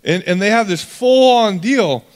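A man preaching from a church stage, his voice sitting a bit higher than most men's. He tells stories casually and slips into voices for the people in them. His words ring out with a long reverb through a large hall. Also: lively intonation, a little slow. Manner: conversational storytelling, acting out quoted voices. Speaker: pastor. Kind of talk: sermon.

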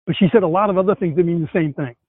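High-voiced man, enthusiastic host. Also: racing, husky, no echo. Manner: enthusiastic, animated storytelling. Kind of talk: casual conversation. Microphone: video call. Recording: tinny call audio, dry.

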